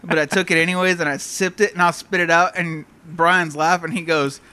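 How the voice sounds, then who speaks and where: A man recalling anecdotes about a friend in relaxed casual chat, swearing easily. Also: fairly high pitch, a little fast, clear, resonant tone. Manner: laid-back anecdote teller.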